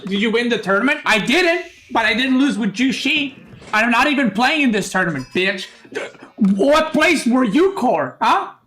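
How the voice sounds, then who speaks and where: A man casting a strategy game on his stream in a fairly high voice. He teases his chat, swears casually and keeps things loose, with keyboard typing in the background. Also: sing-song, moderate pace, bright, forceful tone. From Serbia. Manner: joking, bickering with chat, swears.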